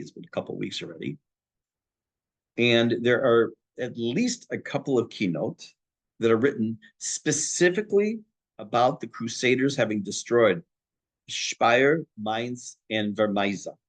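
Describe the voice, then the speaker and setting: A middle-aged man, a rabbi, teaching a history class in a conversational way, pausing for asides to his listeners. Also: mid-range voice, gravelly. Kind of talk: informal history lecture.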